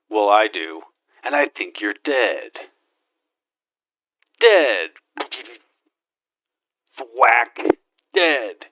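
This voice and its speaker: A man's voice: on the low side, creaky, bright, forceful tone, dry recording, full character voice. A man voicing a cocky, gun-loving male space marine hero who brags, wisecracks and makes his own gun sound effects in an in-character game monologue.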